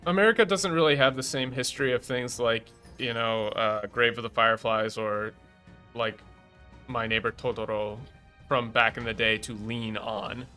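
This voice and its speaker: A man's voice: medium pitch, steady tone, moderate pace, bright, forceful tone. A man chatting casually while playing a game on stream, with offhand, laid-back remarks. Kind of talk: casual chat while gaming. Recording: game music playing behind.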